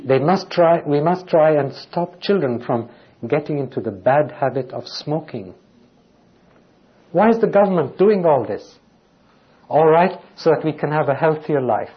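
A man's voice: on the high side, lively intonation, a little slow. A man preaching a sermon, reading scripture aloud and asking rhetorical questions. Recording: dull lo-fi recording.

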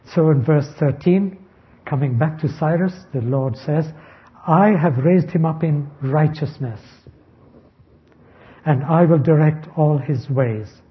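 Slow, deliberate male preacher. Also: fairly high pitch. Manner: slow, deliberate, stressing key words. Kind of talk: expository sermon. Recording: dull lo-fi recording.

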